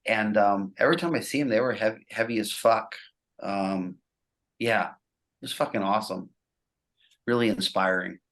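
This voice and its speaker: A man's voice: lowish voice, normal speed, long pauses, fairly bright tone. A middle-aged man from the New Jersey and New York area, a guest musician chatting casually on a podcast in a laid-back, sarcastic way that breaks into easy laughs. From New Jersey and New York area, USA.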